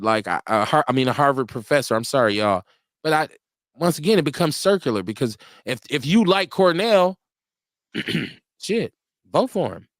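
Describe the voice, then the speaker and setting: A man hosting a casual political talk show, animated and profane, laughing often. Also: no echo, studio quality. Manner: animated, laughs often, profane, jumps high in pitch for quoted voices. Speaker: livestream radio show host. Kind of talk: casual political talk reading chat comments.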